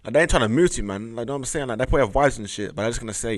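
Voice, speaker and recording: A man's voice: mid-range voice, racing. A young man, co-hosting a casual chat in slangy, jokey talk. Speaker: podcast co-host.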